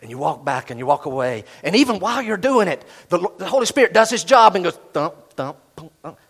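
A pastor preaching to his congregation in a fairly high voice that rises and falls constantly. He swings between near-shouted emphasis and quiet asides, and he acts out the inner voices of his listeners. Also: lively intonation, fast talker, slightly rough. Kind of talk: sermon.

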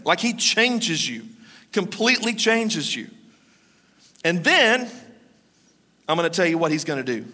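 A man preaching a sermon as pastor, emphatic, quoting scripture with dramatic pauses. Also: sits high, bright, forceful tone, long reverb tail.

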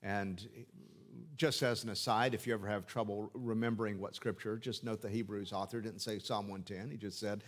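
A man's voice: lowish voice, steady tone, moderate pace. Earnest male pastor preaching. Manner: earnest, asks rhetorical questions and repeats key phrases; explains scripture phrase by phrase. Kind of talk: expository sermon.

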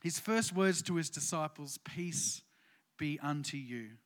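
Aussie pastor guy preaching, bit higher voice, chatty with lots of uhs then gets emphatic. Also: measured pace. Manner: conversational preaching with frequent "uh" fillers, rising to emphatic declarations. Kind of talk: sermon.

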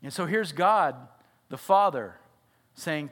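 A man's voice: high-pitched, expressive, moderate pace, a bit bright. A father and pastor preaching a sermon, earnest and often asking his listeners questions. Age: adult father. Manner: earnest, asks the audience questions.

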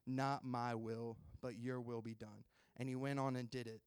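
A man's voice: medium pitch, level tone, normal speed, smooth, no echo. A man in his twenties giving a casual, self-deprecating sermon and chatting easily with his listeners. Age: 20s.

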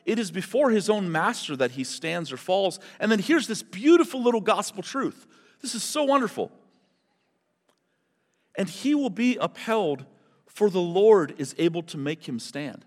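A man preaching a sermon as pastor, in an animated, conversational way, often turning to people in the congregation. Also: high-pitched. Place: church hall. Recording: long hall reverb.

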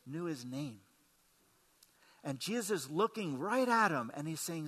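A man's voice: a little high, animated, unhurried, pauses often, sharp tone, breathy edge. A man preaching a sermon in a conversational way, often asking the congregation questions. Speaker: pastor. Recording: long hall reverb.

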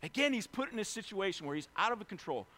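Guy preaching a sermon, high bright voice, super animated, plays out the stories. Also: fast talker. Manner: animated, acts out biblical figures in casual voices. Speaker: pastor.

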